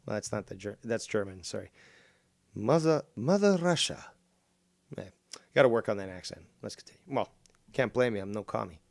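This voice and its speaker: A man's voice: on the low side, steady tone, quick pace, vocal fry, dry recording. Dry-sounding male drama commentator. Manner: rambling, sarcastic, swears freely. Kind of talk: casual commentary on a clip.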